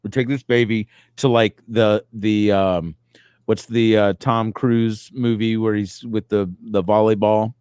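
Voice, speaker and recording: A man's voice: fairly low pitch, little pitch movement, measured pace, a little mellow, clear, resonant tone, no room sound, studio quality. Rambling man on a comedy podcast. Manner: rambling, meandering hypotheticals. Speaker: podcast co-host. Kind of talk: casual comedic chat.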